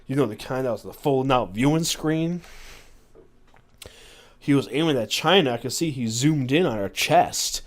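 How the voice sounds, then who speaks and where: A man's voice: mid-range voice, normal speed, pauses often. Man reading aloud on a podcast. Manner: reads passages aloud, doing the quoted voices, with fillers and asides. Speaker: podcast host.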